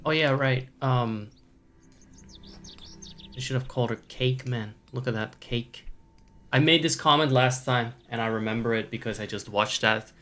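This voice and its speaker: At a moderate pace with long pauses, a let's play streamer with a fairly bright, mid-range voice chats casually with viewers during a puzzle adventure game. He's goofy and joking, playing with words and slipping into silly voices.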